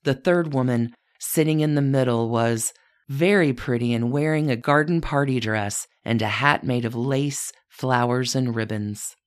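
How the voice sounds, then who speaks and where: A woman narrating a scripted biographical story with a strikingly deep voice. She speaks in a measured, even way and addresses her subject directly. Her delivery is composed and deliberate. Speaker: podcast narrator.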